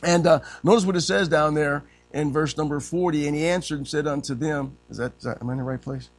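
Gravelly preacher man with a conversational style. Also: fairly even intonation, quick pace. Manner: conversational preaching, often says amen, voices quotes with rising pitch. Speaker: pastor. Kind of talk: sermon.

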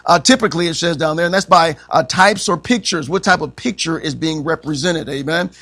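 High-voiced guy teaching bible class, bright tone, amen every other line, chuckles a lot. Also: fairly quick. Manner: says amen constantly, asks the class questions; chuckles often.

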